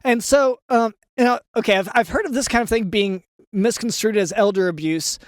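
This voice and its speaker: A man's voice: high-pitched, brisk, no room sound, studio quality. A man on a comedy podcast playing a mock-earnest, hesitant interviewer. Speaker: podcast co-host asking questions. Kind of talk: improvised comedy chat.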